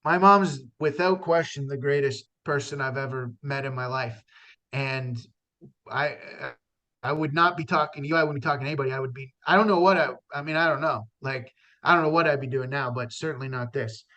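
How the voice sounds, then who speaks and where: A man's voice: medium pitch, brisk, sharp tone. A man, a stand-up comedian, talking earnestly in a casual conversation, with frequent restarts and fillers.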